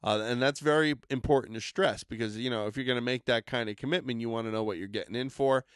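A man's voice: medium pitch, fast talker, clear, resonant tone, dry recording, clean studio sound. An enthusiastic man co-hosting a casual podcast, rambling a bit as he hypes collectible toys and products.

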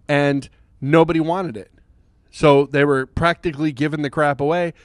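A man's voice: a little high, steady tone, moderate pace, dry recording, studio quality. A man hosting a podcast, chatting casually in a rambling, joking way with plenty of fillers. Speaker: podcast host. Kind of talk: casual chat.

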